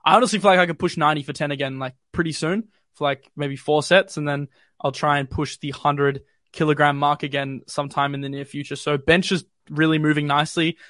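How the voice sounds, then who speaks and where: A young man with a light Australian accent chats casually on a livestream, his voice a touch higher than most men's. He talks loosely with plenty of fillers and answers comments as they come in, on a dry recording with no room sound. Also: steady tone, brisk, a bit bright, dry recording. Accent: mild city Australian. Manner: chatty, filler-heavy, reads viewer comments. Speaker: crypto livestream host. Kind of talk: casual live-stream chat. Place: home bedroom.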